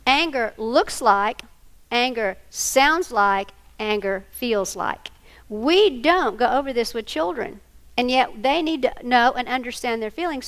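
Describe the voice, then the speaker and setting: An older woman, a grandmother, presenting a live training workshop and quizzing her audience. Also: on the high side. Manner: animated, asks the audience questions.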